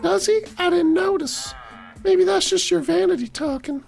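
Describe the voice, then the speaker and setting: A man voicing a sarcastic police officer in a noir-style detective game, with snarky, deadpan put-downs. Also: very high-pitched, moderate pace, vocal fry, voice pushed up, exaggerated voice.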